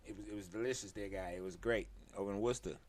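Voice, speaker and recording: A man's voice: on the low side, rapid-fire, a little mellow, natural voice. A man putting on a brash Boston townie who keeps tacking 'guy' onto his sentences. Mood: bantering. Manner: clipped, tossing in 'guy' at every turn.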